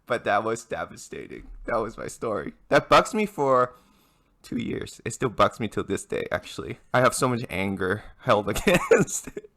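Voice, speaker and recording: A young man from Hong Kong, a podcast host telling a story in casual chat with lively restarts. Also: medium pitch, moderate pace, creaky. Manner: animated storyteller, many restarts.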